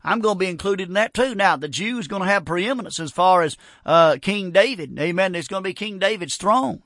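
A Southern man from North Carolina preaching a radio sermon, his voice pitched high for a man. He presses on with fervent repetition, stammering into restarts as he builds each point. The sound is close and dry, with no room around it. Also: brisk, a bit bright, no echo. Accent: Southern American.

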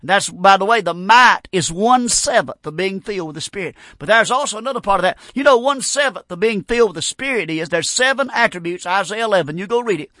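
A man preaching a fervent, folksy revival sermon, breaking into shouts. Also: sits high, animated, fast, hardly any pauses, no room sound, studio quality. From North Carolina. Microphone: broadcast on radio.

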